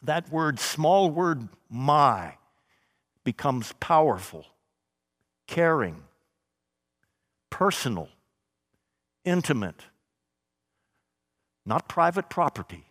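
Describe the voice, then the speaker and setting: A man preaching a sermon, slow and emphatic, with dramatic pauses and scripture read aloud. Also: fairly high pitch, sing-song, fairly bright tone, in a large hall. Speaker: pastor.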